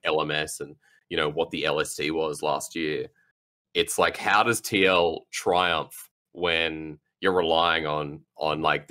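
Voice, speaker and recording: Deep, bright-toned male esports caster. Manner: chatty, joking, lots of filler words. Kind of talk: casual panel discussion.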